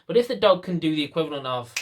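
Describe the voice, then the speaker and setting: A man's voice: a little high, lively intonation, rapid-fire, slight background noise. A young man, a dog trainer, talking casually to camera in a blunt, rambling, self-mocking way.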